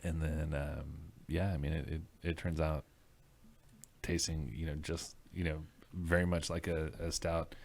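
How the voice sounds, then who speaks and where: A man chatting casually as a guest brewer, telling relaxed stories with plenty of "um"s. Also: rumbling low, unhurried, gravelly. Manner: relaxed storyteller, many "um"s. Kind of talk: casual chat.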